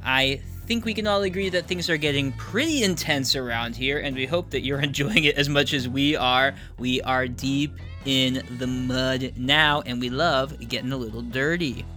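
A man's voice: medium pitch, moderate pace, few pauses, sharp tone, soft background music. A man hosting a tabletop game podcast, reading the outro and plugs in an upbeat, chatty way with small fillers. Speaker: podcast host.

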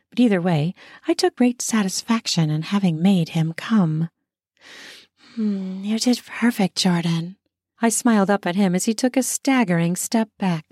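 A woman narrating a first-person erotic audio story in an intimate, soft, drawn-out manner. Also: medium pitch, dry recording, studio quality.

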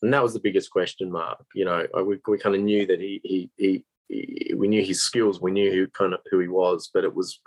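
Deep-voiced Australian man, halting speech. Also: fairly even intonation, no room sound, low-quality recording. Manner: halting, searching for words with many restarts. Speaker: film director, interview guest. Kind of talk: casual interview answer.

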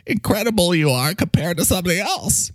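A man's voice: high-pitched, big pitch swings, fairly quick, no room sound, studio quality, voice pushed up. A man voicing Mike, a needy, jealous talking microphone with a whiny, clingy, sarcastic manner. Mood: gushing.

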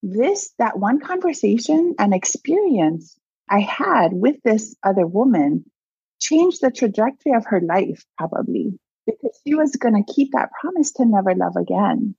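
Husky-voiced woman telling a story. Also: medium pitch, moderate pace, no room sound, dull audio. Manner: animated storyteller, many "like"s and laughs. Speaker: guest, abundance mindset coach. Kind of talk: casual storytelling interview.

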